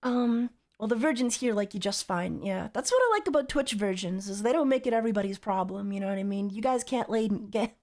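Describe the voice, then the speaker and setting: A woman's voice: mid-range voice, a little fast, hardly any pauses, a little mellow. A young adult woman streaming as a VTuber, chatting casually and reading chat aloud in a teasing, playful way.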